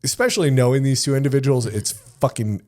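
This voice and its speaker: A man's voice: mid-range voice, fast, darkish tone. A middle-aged American man, a retired Army sergeant major, casually telling a long profane story as a podcast guest, peppering his speech with "like" and acting out what others said. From United States. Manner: profane, rambling, fills speech with "like", acts out quoted lines.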